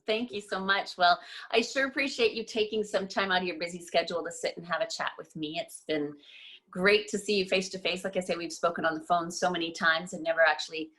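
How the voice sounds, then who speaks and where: A woman's voice: on the low side, steady tone, a little fast, pushed and bright. A woman hosting an interview, wrapping up the chat and thanking her guest. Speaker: wine show host.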